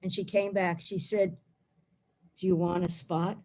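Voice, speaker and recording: A woman's voice: lowish voice, little pitch movement, unhurried, a little mellow. A woman in her forties from the Bronx doing a blunt, rambling stand-up set over a video call. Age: 40s. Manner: brash, rambling, blunt storytelling. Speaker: stand-up comic.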